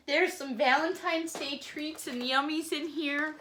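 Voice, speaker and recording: A woman talks to her camera in an easy, slow, unhurried way, thanking viewers for packages. Her voice sits high and bright, and she gushes and apologizes, sounding moved almost to tears. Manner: emotional, gushing, apologetic, chatty with little laughs. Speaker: vlogger opening fan mail. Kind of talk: casual chat to camera.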